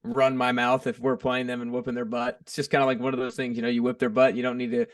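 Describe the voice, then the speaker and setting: A man's voice: medium pitch, monotone, fast, no echo, distant mic. Easygoing man with a light Southern accent. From Atlanta, Georgia. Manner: easygoing, friendly and laid-back. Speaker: podcast guest, fitness coach. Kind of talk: casual interview chat.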